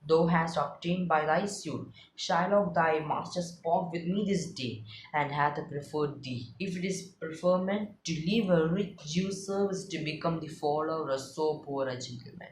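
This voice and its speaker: A courteous young nobleman speaks in measured, formal tones, read aloud by a woman. The voice sits fairly low, and the recording carries a noticeable room echo. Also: a little hiss or hum. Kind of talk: reading play lines aloud. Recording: echoey room.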